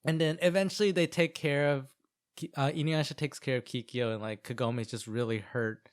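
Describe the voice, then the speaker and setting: A young man co-hosting a podcast, chatting casually as he recaps an anime, full of "like"s and quick asides. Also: medium pitch, fairly even intonation, clean tone. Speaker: podcast co-host.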